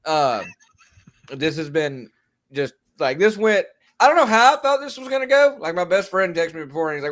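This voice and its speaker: A man, speaking fairly high as a guest on a casual livestream. He talks in a relaxed, folksy, profane way. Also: fairly quick. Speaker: podcast guest.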